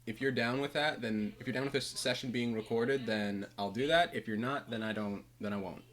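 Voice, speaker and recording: A man's voice: mid-range voice, brisk, a bit bright. A man acting as game master, chatting casually and laughing easily before the session starts. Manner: laid-back, laughs easily, loose phrasing.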